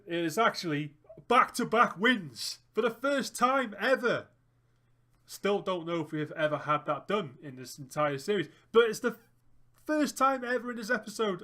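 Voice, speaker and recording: This young man's voice sits a little high, bright and forceful. As a gaming YouTuber, he offers let's play commentary on a football management game he's running, reacting with groans and cheers while the match goes on.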